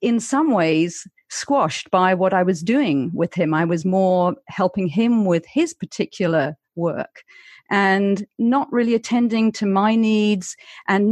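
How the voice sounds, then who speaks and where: A woman's voice: fairly low pitch, darkish tone, dry recording. A woman with an English received pronunciation accent, a guest author and former broadcaster, talking articulately with wry humor. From Britain. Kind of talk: interview conversation.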